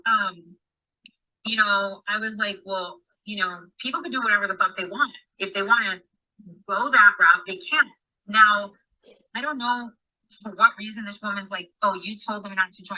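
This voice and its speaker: A woman's voice: medium pitch, pushed and bright, low-quality recording. A woman chatting casually on a podcast, swearing freely and acting out quoted dialogue as she tells a story.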